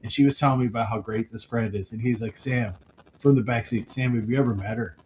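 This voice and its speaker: A middle-aged man co-hosting a podcast, chatting casually and telling family stories with quick impressions of the people in them. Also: medium pitch, darkish tone, a little hiss or hum, poor audio. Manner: storytelling, mimics his father's outbursts. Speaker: podcast co-host. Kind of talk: casual chat.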